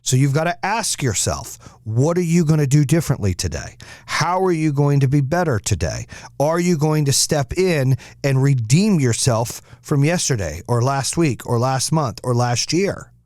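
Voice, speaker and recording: A man's voice: mid-range voice, very animated, normal speed, a little mellow, no echo, clean studio sound. A man hosting a podcast, giving a blunt, profane, fired-up motivational monologue. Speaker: podcast host.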